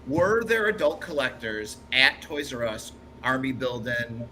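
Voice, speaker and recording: Male podcast host, bright and lively, loose rambling banter. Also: mid-range voice, a little slow, a little hiss or hum. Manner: jokey, rambling, full of "like". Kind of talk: casual chat.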